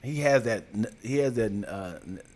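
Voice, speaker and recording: A man's voice: mid-range voice, expressive, moderate pace, a little mellow. A man co-hosting a podcast, teasing his partner in slangy, laughing banter. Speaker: podcast co-host. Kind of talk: casual chat.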